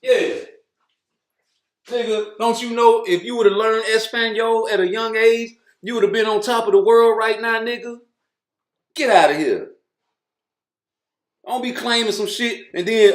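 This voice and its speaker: High-voiced man ranting, roomy echo. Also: a little slow, pauses often. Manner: profane, blunt, mocking. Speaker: boxing commentator. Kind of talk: ranting commentary.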